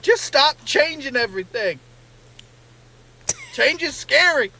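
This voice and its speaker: A comedian plays a fed-up Southern good ol' boy with a very high, strikingly bright voice. He rants in a folksy drawl, indignant and aggrieved, like a satirical online video clip. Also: animated, slow pace, exaggerated voice, poor audio. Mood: ranting. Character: grumbling Southern man mourning his restaurant.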